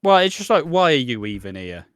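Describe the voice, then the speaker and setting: A man co-hosts a casual podcast in a mid-pitched voice, recorded dry and close. He talks bluntly, swears freely and pads his explanations with fillers. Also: big pitch swings, brisk, clear, resonant tone, no room sound. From Britain. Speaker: podcast co-host. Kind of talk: casual chat.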